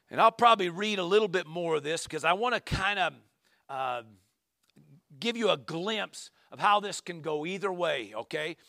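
A man's voice: sits high, pushed and bright, no echo. A man preaching a sermon, reading psalms aloud and breaking in with emphatic asides and calls of amen and hallelujah. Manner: reads scripture aloud with frequent asides.

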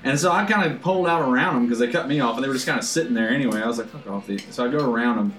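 Fast-talking man, animated storyteller. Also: mid-range voice, roomy sound, far from the mic. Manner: animated storyteller, swears freely. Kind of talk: casual chat.

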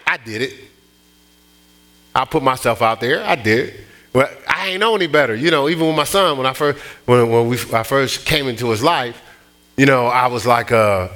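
Animated man preaching a sermon. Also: medium pitch. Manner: animated storytelling with many restarts. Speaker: pastor.

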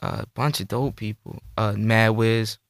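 Low-voiced laid-back New rapper. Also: male voice, unhurried, gravelly, no echo, studio quality. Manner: relaxed, laid-back recounting with slang. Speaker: rapper and producer guest. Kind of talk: casual interview chat.

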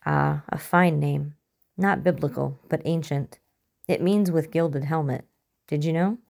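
Woman reads a calm male cult preacher, low and mellow, quietly menacing. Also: measured pace, vocal fry. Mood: serene. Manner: soft-spoken, unsettlingly calm.

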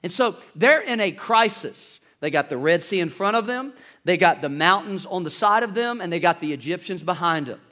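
A man's voice: high voice, lively intonation, moderate pace, sharp tone. A man preaching a sermon as pastor, reading scripture and acting out the panicked voices of the people in the story.

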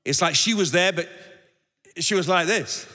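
A man's voice: high voice, moderate pace, sharp tone, in a large hall. A man preaching a sermon as pastor, talking conversationally and repeating words as he goes. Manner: conversational, repeats words, shifts into acted quotes.

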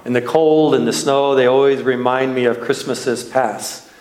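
A man from Texas, a minister, telling a slow, nostalgic childhood story as a sermon with light laughs. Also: medium pitch, fairly even intonation, darkish tone, echoey room, rough recording.

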